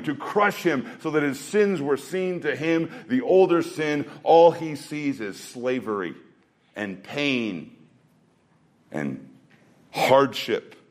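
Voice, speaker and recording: A man delivers a sermon at an unhurried, deliberate pace. His voice sits at an ordinary middle pitch. He speaks earnestly and leans on repeated phrases for emphasis. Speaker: preacher. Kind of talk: sermon with scripture reading.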